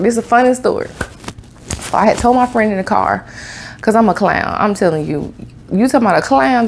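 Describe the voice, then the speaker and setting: A woman vlogger telling a personal story to camera in a casual, animated way, laughing often. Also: mid-range voice, gravelly, a little hiss or hum. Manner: animated, laughs a lot, Southern US slang.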